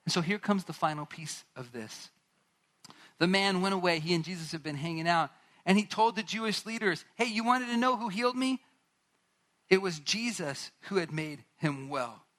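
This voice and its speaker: A man preaching a sermon, retelling a Bible story with animated asides and acted-out lines from its characters. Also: fairly high pitch, normal speed. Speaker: pastor.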